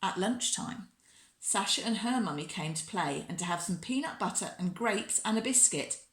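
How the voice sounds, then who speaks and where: A woman reading a children's picture book aloud in a warm, expressive storyteller manner. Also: mid-range voice, moderate pace, roomy sound.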